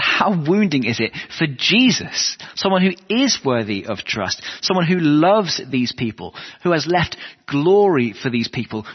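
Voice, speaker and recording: A man's voice: fairly high pitch, breathy edge. A man preaching a sermon, earnest and asking his listeners rhetorical questions. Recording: dull lo-fi sound with long hall reverb.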